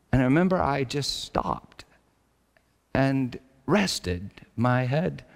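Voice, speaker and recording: A male pastor preaching a reflective sermon, slowing down to stress his key lines. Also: mid-range voice, creaky. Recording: long hall reverb.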